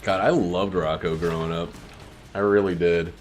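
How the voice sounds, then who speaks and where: A man's voice: sits low, steady tone, normal speed. A man hosting a casual let's play, chatting and joking playfully between laughs. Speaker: gaming channel host.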